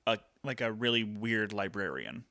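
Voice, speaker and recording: A man's voice: on the low side, animated, moderate pace, crowd noise. A man co-hosting a podcast, chatting earnestly with lots of fillers. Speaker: podcast co-host. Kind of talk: casual chat.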